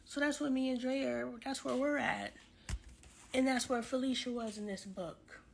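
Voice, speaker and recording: Woman vlogger, casual talk to camera, animated and blunt, slightly high voice. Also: moderate pace, creaky, slight background noise. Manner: animated, outspoken, swears freely; talks straight to viewers, says "y'all". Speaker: family advocate content creator.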